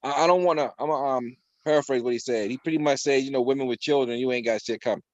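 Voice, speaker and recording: A man co-hosting a casual panel debate over a video call, animated and joking, swearing freely and repeating himself. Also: mid-range voice, fast talker, no room sound. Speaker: talk show co-host. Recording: dull lo-fi video call audio.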